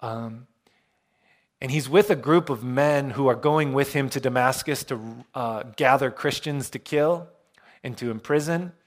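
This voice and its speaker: A man's voice: mid-range voice, measured pace. Man preaching a conversational sermon. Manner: conversational storytelling with self-deprecating humor. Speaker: pastor.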